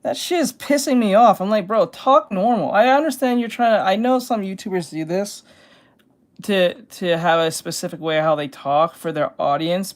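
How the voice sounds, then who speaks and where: A streamer giving casual live commentary in a blunt, irritated way. The speaker swears and stammers. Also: mid-range voice. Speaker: streamer reacting to videos.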